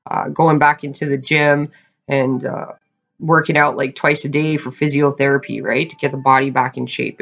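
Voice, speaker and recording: A woman's voice: low voice, vocal fry, fairly bright tone. A woman giving a casual tarot reading to her viewers, chatty and laughing often as she talks to "you guys.". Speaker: tarot reader. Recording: dull lo-fi sound.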